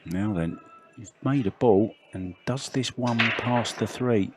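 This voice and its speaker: A man doing relaxed, chatty play-by-play commentary on a billiards match. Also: fairly low pitch, slow, slight background noise.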